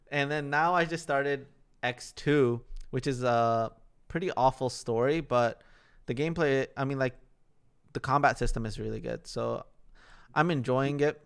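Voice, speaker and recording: His voice is medium-pitched, creaky yet smooth, and a little slow. A young man co-hosting a podcast, he meanders through casual, filler-heavy stories.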